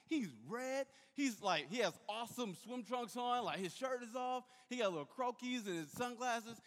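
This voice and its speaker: A young man giving a sermon, telling a lively personal story and acting out the voices of the people in it. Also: extremely high pitch. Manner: animated storyteller, acts out voices and shouts. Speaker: youth pastor. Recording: long hall reverb.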